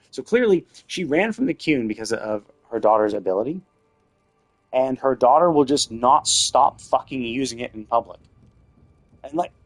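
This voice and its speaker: A man's voice: mid-range voice, dry recording. A man streaming a game, ranting in a casual, exasperated way, with many restarts and fillers. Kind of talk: casual game commentary rant.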